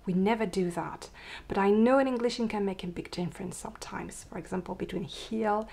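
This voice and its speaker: A woman's voice: medium pitch, fast talker, vocal fry, a little mellow, breathy edge. A woman with a French accent, a native French speaker, hosting a knitting podcast in a casual, chatty way and often restarting words and correcting herself. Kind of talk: casual chat.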